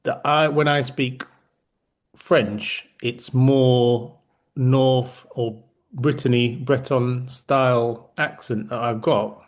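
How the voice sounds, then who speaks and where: This is a middle-aged man from Yorkshire in casual conversation, with a voice of ordinary pitch. He talks in loose, rambling stretches, stopping and restarting his sentences and repeating words as he goes. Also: fairly even intonation, slow. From Yorkshire, England. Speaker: podcast co-host. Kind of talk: casual chat.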